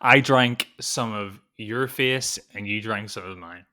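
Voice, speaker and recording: A man's voice: fairly low pitch, unhurried, pushed and bright. A man with an Irish accent co-hosting a film podcast, jokey and bantering, laughing often. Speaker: podcast co-host. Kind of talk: casual chat.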